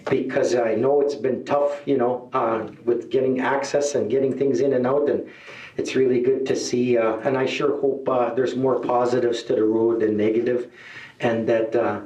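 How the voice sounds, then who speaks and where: A man doing a live stand-up set, telling rambling deadpan stories and chuckling at his own jokes. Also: medium pitch, normal speed, highs cut off. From Northern Ontario. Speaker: stand-up comedian. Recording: roomy hall, mic at a distance.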